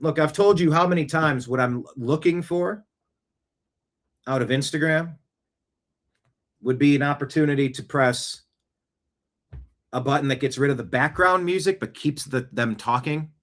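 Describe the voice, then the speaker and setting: A man's voice: fairly high pitch, normal speed, long pauses. A man hosting a show, giving casual, rambling political commentary and reacting to clips, with conversational asides. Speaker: show host. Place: home studio, seated.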